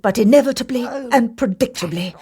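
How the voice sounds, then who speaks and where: A woman's voice: a little high, brisk, warm tone. A woman reading a fairy tale aloud in a playful, theatrical way. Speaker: storybook narrator. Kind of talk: expressive storybook reading.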